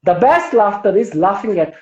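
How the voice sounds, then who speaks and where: A woman's voice: mid-range voice, animated, normal speed, mellow. A woman with an Indian English accent teaching yoga on a live stream, persuasive and full of questions to her audience. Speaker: yoga instructor. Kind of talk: live-streamed wellness talk. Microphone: phone or laptop mic on a live stream. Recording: roomy, dull lo-fi live stream audio.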